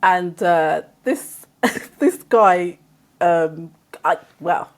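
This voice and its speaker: Woman, English, London-Birmingham accent, unhurried, casual interview guest, laughs often. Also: lowish voice, lively intonation. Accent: between London and Birmingham English. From England. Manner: laughs often while telling stories. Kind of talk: casual conversation.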